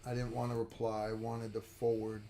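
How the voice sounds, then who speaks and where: A man's voice: on the low side, monotone, dark tone, a little hiss or hum. A man co-hosting a casual livestream, reading out viewer donations and chatting loosely. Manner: slow, gravelly, swears casually. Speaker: livestream co-host.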